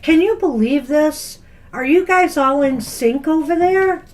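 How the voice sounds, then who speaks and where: Chatty high-voiced woman tarot reader. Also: a little slow. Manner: chatty, laughs often, rambling with fillers. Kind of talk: casual live tarot reading.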